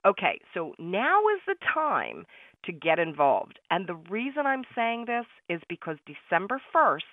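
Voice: mid-range voice, wildly swooping pitch, measured pace, no room sound. A radio host promoting a barter network in an upbeat, salesy and chatty way, sometimes correcting themself mid-sentence. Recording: tinny phone-like radio sound, dry.

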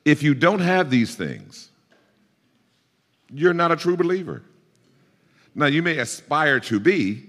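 Male pastor, emphatic exhorting sermon voice, very animated, recorded in an echoing church. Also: fairly low pitch. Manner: emphatic, rising to forceful exhortation. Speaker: preacher.

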